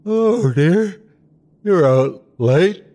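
A man voicing a gentle, worried woman, the hero's wife, speaking softly and fretfully in a horror audio story. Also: a little high, big pitch swings, moderate pace, gravelly, slightly rough, pitched above the performer's own voice, full character voice. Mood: startled.

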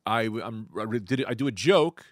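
A man's voice: lowish voice, a little fast, no room sound, clean studio sound. A man chatting casually on a comedy podcast, telling stories with jokes. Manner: animated, joking storyteller with lively swings.

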